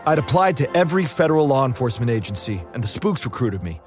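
An actor playing a hardened former drug agent, narrating his story in the first person with a flat, tough delivery. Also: mid-range voice, fast talker, lightly acted. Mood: matter-of-fact. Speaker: narrator of a true-crime audio drama. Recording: narration over loud music. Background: music.

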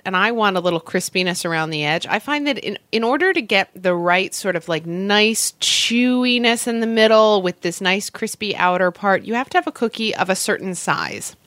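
A woman co-hosting a casual food chat, talking quickly and chatting while she eats. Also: mid-range voice, a bit bright, no room sound. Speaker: co-host.

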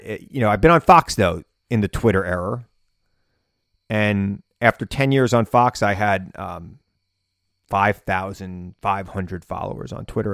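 A man hosting his own podcast, telling a story in a casual, animated way, sometimes yelling for effect. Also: lowish voice, dry recording, studio quality. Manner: animated storytelling, bursts of yelling when reenacting. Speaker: podcast host and political commentator. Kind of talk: casual solo podcast monologue. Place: home basement studio.

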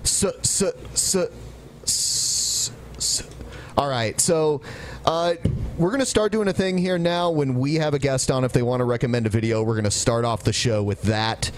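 A man's voice: medium pitch, fairly quick, slight background noise. A man hosting a podcast, running it in loose, teasing banter. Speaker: podcast host. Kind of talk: casual podcast chat.

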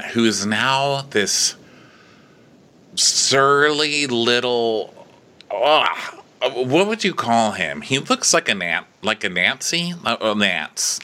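A man co-hosting a casual comedic podcast, recapping a TV episode, riffing fast and swearing freely. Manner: animated, jumps into high-pitched impressions of characters.

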